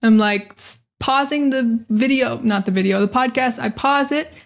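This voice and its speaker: An American woman teaching English pronunciation in an online lesson, repeating short phrases over and over in a direct, energetic way. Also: fairly high pitch, moderate pace, vocal fry.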